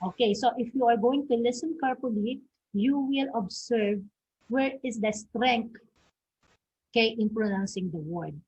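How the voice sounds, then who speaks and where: A woman teaches a recorded lesson, her voice husky and slightly breathy. She checks in with her students often, tagging points with "okay" and "no?". The audio is dull and lo-fi. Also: medium pitch, a little mellow. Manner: frequent "okay" and "no?" tags, models example words and questions aloud.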